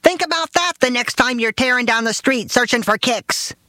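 Man voicing an overbearing older father, alarmist, shouting, high-pitched strained rant, dry close sound. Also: animated, moderate pace, no echo, full character voice.

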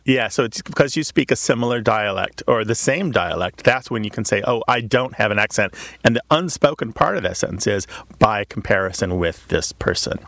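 A man's voice: fairly low pitch, animated, a little fast, fairly bright tone, dry recording. A man hosting a radio call-in show, explaining language to a caller with enthusiasm.

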